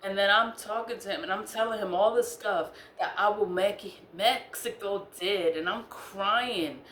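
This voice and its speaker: A woman's voice: mid-range voice, normal speed, fairly bright tone. A woman telling a personal story in a casual monologue, blunt and profane, repeating herself for emphasis. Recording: echoey room with faint background noise.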